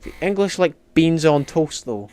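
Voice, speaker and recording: A man's voice: a little high, animated, normal speed. A young Scottish man chatting casually while streaming a strategy game, reading and answering chat with joking, mock-indignant outbursts. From Scotland. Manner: chatty, jokey, swings between mumbling asides and loud mock outrage. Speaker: gaming streamer.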